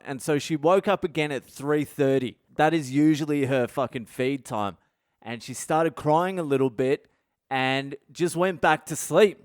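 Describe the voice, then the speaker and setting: On his podcast, a middle-aged male host tells a funny story in a rambling, candid style, swearing heavily. His voice is fairly high-pitched, unhurried and smooth, captured with no echo and clean studio sound.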